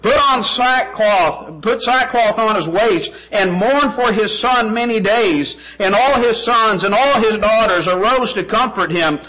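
A man delivering a sermon in a high, bright voice. He preaches emphatically, repeating phrases and posing rhetorical questions. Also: unhurried, few pauses, poor audio.

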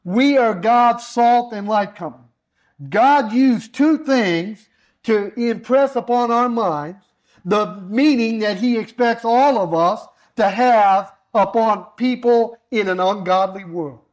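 A man's voice: sits high, slow. A man preaching a sermon to his congregation, delivering it with an emphatic, repetitive cadence.

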